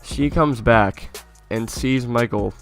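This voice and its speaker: A man's voice: mid-range voice, slow pace, soft background music. A young man casually telling a funny story from his childhood to his viewers, often laughing and swearing a little as he talks. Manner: laughing through an animated anecdote, casual swearing. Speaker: YouTuber.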